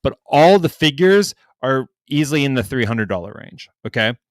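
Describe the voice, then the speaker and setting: A young adult man co-hosting a podcast tells a story in casual chat, animated and swearing freely, raising his voice to act out what others said. His voice is medium-pitched at a moderate pace, with no echo.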